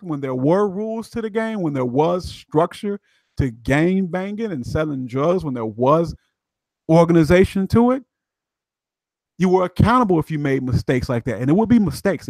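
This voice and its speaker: A man's voice: fairly high pitch, animated, normal speed, a little mellow, no room sound. A man from Chicago talking emphatically as a guest commentator, in casual street slang.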